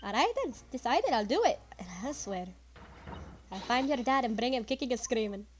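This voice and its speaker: A woman voicing a brash young woman detective in a story game, rough and cocky. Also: fairly high pitch, expressive, normal speed, faint music behind, close to an everyday voice. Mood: determined.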